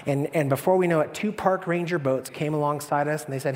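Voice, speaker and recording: A man pastor preaching a sermon with animated storytelling, swinging between hushed and loud. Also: on the high side, a little fast, hardly any pauses, long reverb tail.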